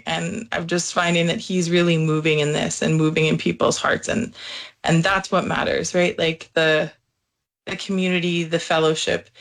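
A woman voice teacher from Canada being interviewed, speaking earnestly and chattily with halting restarts. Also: fairly low pitch, a bit bright. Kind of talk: casual interview.

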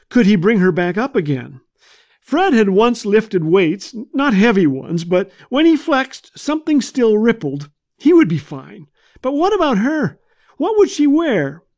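High-voiced man telling a funny story. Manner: anecdotal, gently comic. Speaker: radio devotional speaker. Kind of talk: humorous storytelling. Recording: dull lo-fi.

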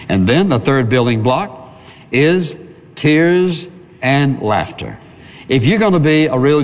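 A pastor giving an earnest sermon to a congregation and calling for amens. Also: male voice, on the high side. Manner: earnest preaching with call for amen. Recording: reverberant hall.

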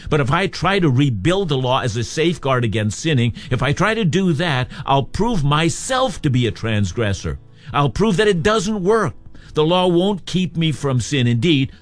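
A man's voice: fairly high pitch, expressive, moderate pace, faint music behind. A man preaching an expository sermon, emphatic and earnest as he explains a scripture passage. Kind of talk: sermon on a radio Bible program.

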